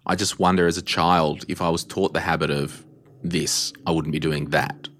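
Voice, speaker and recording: Very low-voiced male podcast host. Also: moderate pace, a little hiss or hum. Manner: relaxed, reflective, jokey. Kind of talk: casual podcast conversation.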